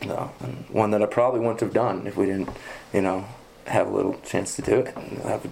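Animated man telling river stories. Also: on the low side, fairly quick, gravelly, slight background noise. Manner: animated, laughs and shouts when retelling action. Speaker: river guide. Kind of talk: casual storytelling interview.

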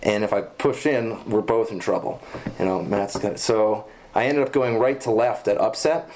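Animated man telling river stories. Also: fairly low pitch, moderate pace, slight background noise. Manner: animated, laughs and shouts when retelling action. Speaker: river guide. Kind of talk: casual storytelling interview.

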